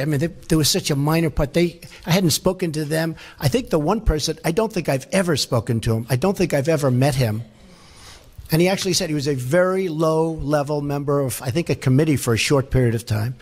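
Guy at a podium in a big hall, blunt and repetitive, bit high voice. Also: darkish tone. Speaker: president at a press conference. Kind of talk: off-the-cuff press conference answers. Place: large formal hall indoors.

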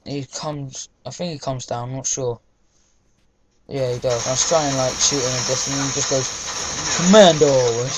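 A man's voice: mid-range voice, level tone, moderate pace, heavy background noise. A young man, chatting casually over gameplay, rambling with lots of fillers. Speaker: gaming commentator.

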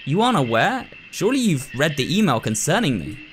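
A man's voice: fairly high pitch, big pitch swings, brisk, noisy background. A man voicing a polite, formal male nurse in a game. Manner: formal, courteous.

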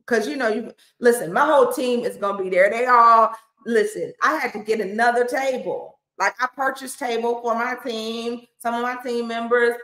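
A woman's voice: a little high, moderate pace, a bit bright. Chatty pastor woman, echoey. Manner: playful, chatty, talks straight to viewers. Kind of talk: hyped livestream announcement.

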